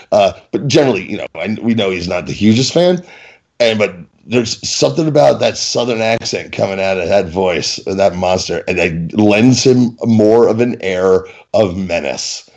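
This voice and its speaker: A man with a somewhat low voice talks loosely and with plenty of swearing. He jumps between joking outrage and excited opinion in relaxed podcast chat. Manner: profane, animated, mock-indignant banter. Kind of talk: casual chat.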